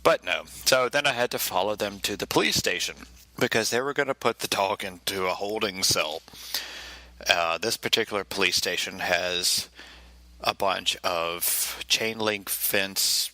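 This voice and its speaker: A man's voice: low voice, measured pace, bright, forceful tone, no echo. A man co-hosting a podcast, telling a funny personal story in a wry, self-mocking way and slipping into voices for the people in it. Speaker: podcast co-host. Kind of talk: casual comic storytelling.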